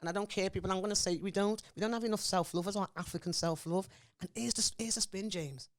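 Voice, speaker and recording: Fast-talking Scouse woman, impassioned. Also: mid-range voice. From Liverpool, England. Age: 40s. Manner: emphatic, forthright, often asks "you understand me?". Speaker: interview guest. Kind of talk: impassioned interview talk.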